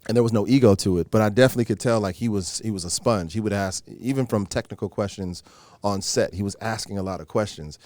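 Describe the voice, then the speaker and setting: Fast-talking man with a lowish voice. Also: no echo. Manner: animated storyteller who acts out quoted exchanges. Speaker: actor and interview guest. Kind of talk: casual interview chat.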